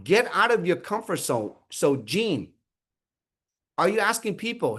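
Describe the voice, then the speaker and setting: Animated man coaching a team call. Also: sits high, unhurried, husky. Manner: animated, asks many rhetorical questions, acts out sample conversations. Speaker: team leader running a sales training call. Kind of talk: coaching on a group call, calling on people by name.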